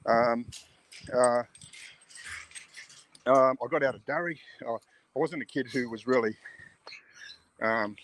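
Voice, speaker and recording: A middle-aged Australian man tells his own story in a frank, halting way. He talks over a video call in an ordinary mid-range voice. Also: medium pitch, fairly bright tone, a little hiss or hum, poor audio. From western Sydney, Australia. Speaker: guest, abuse survivor advocate. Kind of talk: personal testimony in an interview. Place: outdoor shed on a hill.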